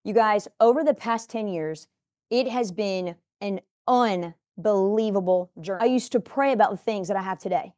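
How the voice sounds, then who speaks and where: A woman's voice: mid-range voice, moderate pace, darkish tone, dry recording. A woman in her forties gives a motivational talk in a studio, speaking emphatically and addressing viewers directly.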